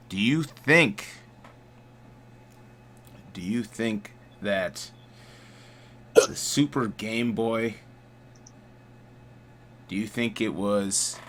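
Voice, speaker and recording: A man's voice: on the low side, a bit bright, slight background noise. A man hosting a casual gaming podcast, easygoing and steering the talk with questions. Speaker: podcast host.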